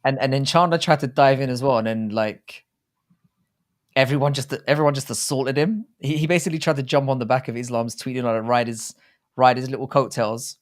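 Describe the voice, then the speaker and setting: A man's voice: mid-range voice, steady tone, brisk. An English man co-hosting a casual live stream, talking in a rambling, chatty way and often restarting his sentences. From England. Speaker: co-host.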